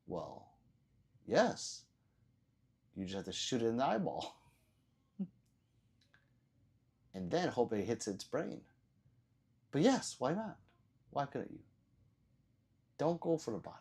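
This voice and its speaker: A man's voice: medium pitch, big pitch swings, slow pace, gravelly, pauses often, a little mellow, slightly rough. A man hosting a casual live stream, reading viewer comments aloud, laughing often and swearing casually. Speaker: livestream host reading chat.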